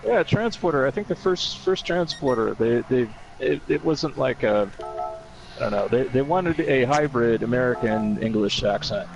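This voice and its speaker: A man playing a racing game alongside the host, chatting in a halting, easygoing way. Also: mid-range voice, expressive, gravelly, muffled recording. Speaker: co-player. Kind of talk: casual chat while playing a racing game.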